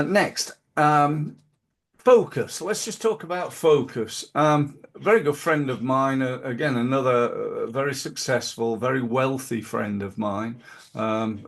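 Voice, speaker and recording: A middle-aged man talks casually as a podcast host. His voice is gravelly and sits at an ordinary pitch. He rambles, starting over and filling pauses as he goes. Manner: rambling, many fillers and restarts. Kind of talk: casual advice talk.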